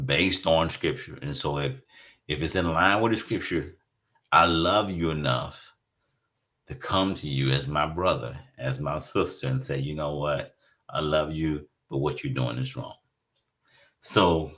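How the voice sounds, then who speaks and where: A man's voice: rumbling low, fairly bright tone. A man preaching a sermon in an earnest, repetitive style, stressing key words.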